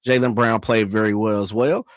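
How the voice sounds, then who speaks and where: A man's voice: lowish voice, fairly even intonation, moderate pace, no echo, clean studio sound. Emphatic man on sports radio. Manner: emphatic, colloquial, uses boxing and horse imagery. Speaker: co-host. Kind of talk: casual sports talk.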